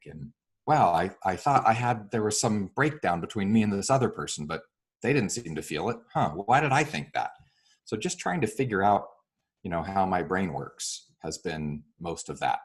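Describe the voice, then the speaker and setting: A man speaking as an interview guest, explaining his ideas with many fillers and lively acted-out example dialogue. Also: on the low side, breathy edge. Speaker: real estate broker and coach.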